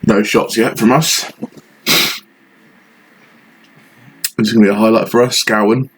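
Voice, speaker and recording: A man's voice: lowish voice, steady tone, a little slow, a bit bright, a little hiss or hum, rough recording. A man giving frustrated, sarcastic play-by-play commentary over a football management game he is playing. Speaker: gaming channel host.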